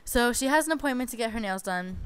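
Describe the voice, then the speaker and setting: A woman's voice: on the high side, expressive, fast talker, fairly bright tone. A young woman casually telling a story over game footage, chatty and exasperated, with lots of "like".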